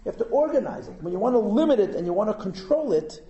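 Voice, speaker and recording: A man teaching at an informal Hasidic gathering, an animated storyteller who fires rhetorical questions and chuckles at his own asides. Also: high voice, fast, lo-fi sound. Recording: echoey room.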